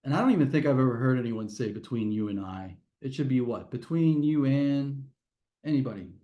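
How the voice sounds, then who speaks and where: A man's voice: medium pitch, expressive, brisk, highs cut off. A man teaching a test prep grammar lesson to a class, explaining step by step and often restarting his phrases.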